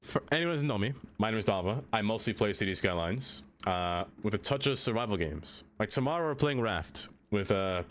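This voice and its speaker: Chatty man streaming a game. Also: lowish voice. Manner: chatty, laughs often, greets chat by name; playful, easily excited. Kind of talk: casual live-stream chat.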